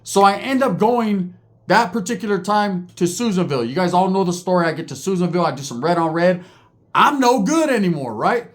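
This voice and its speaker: Using a high voice with lively intonation, this storyteller shares stories about prison in casual, profane slang peppered with Spanish. He jumps quickly into other people's voices to act out their lines.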